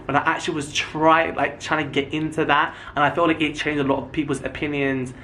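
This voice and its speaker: A man's voice: a little high, brisk, background noise. A man in his twenties, a YouTuber telling stories casually to camera and acting out the lines of the people in them. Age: 20s. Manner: animated, acts out quoted dialogue.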